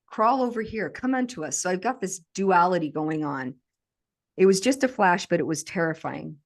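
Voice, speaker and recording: A woman, a podcast guest, recounting a traumatic memory in vivid, intense present-tense storytelling. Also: lowish voice.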